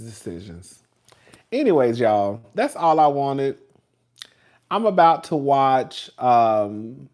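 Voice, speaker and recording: A man chats casually on a live stream, full of sass and quick laughs. His voice swoops up and down with lots of expression, and he rambles from one point to the next. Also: a little high, darkish tone. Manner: rambling, chatty and sassy, laughs often. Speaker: show host reviewing TV.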